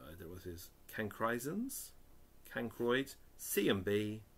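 A man's voice: fairly low pitch, sing-song, measured pace, slight background noise. A man reading dictionary headwords aloud one by one, adding muttered, dry asides. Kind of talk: casual reading of word lists.

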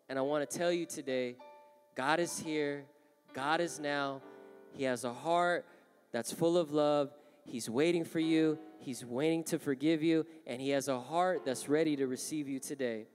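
A man preaching a sermon, moving from soft-spoken storytelling to loud, impassioned calls. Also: a little high, normal speed. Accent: Southern Californian. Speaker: pastor. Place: large church hall. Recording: long hall reverb, live church. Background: music playing.

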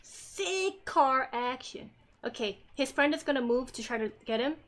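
Excitable, laughing female gaming host. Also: sits high, a little slow. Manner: excitable, laughs often, swears freely. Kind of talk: casual gameplay chat with friends.

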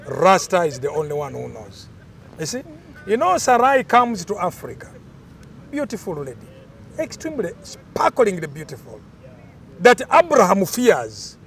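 A man's voice: sits high, creaky. An older man, explaining cultural traditions in an emphatic, storytelling way during an interview.

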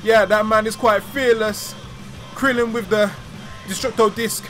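A woman's voice: medium pitch, fairly even intonation, measured pace, fairly bright tone. A woman doing playful, joking gameplay commentary as a gaming channel host. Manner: joking, bantering, breaks into silly song. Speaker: gaming YouTuber. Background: game music.

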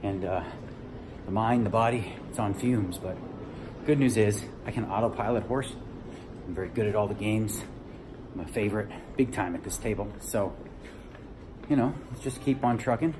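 A man's voice: on the low side, normal speed, long pauses. A man talking casually to his vlog viewers, loose and chatty, calling them "y'all" and laughing often as he recaps his day. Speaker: poker player vlogging his tournament day. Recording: noisy ambience behind the voice.

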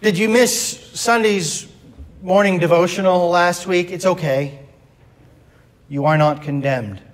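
A man's voice: sits high, unhurried, in a large hall. A man preaching a sermon to his congregation, earnest, with wry asides. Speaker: pastor. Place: church sanctuary.

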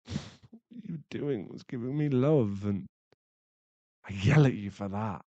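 A man's voice: mid-range voice, lively intonation, a little slow, mellow, no echo, muffled recording. A man voicing a young boyfriend who is hot-tempered but remorseful, in a whispered role-play, swearing and then murmuring apologies.

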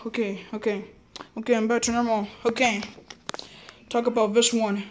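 A woman's voice: a little high, little pitch movement, moderate pace, muffled recording. A woman rambling playfully into a phone or laptop mic while trying out a camera app, often repeating herself and saying okay.

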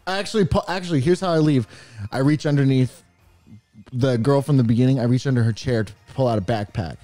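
Animated man improvising a wild story. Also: medium pitch, quick pace, dry recording, soft background music. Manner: animated, bursts into shouted character lines. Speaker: podcast co-host.

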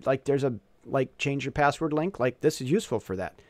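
A man talks through a software tutorial in a loose, off-the-cuff way, stumbling over words and correcting himself as he goes. His voice sits at an ordinary middle pitch. The recording is dry and close, with no room sound. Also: expressive, a little fast, dry recording. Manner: rambling, self-correcting, thinking aloud. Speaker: tutorial presenter. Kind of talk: casual screen-recorded software walkthrough.

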